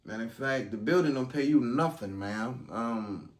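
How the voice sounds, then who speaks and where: A man's voice: mid-range voice, expressive, normal speed. A man recapping events in a loose, conversational vlog, with lots of ums. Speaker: vlogger recapping a court trial. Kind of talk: casual commentary. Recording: roomy sound, distant from mic.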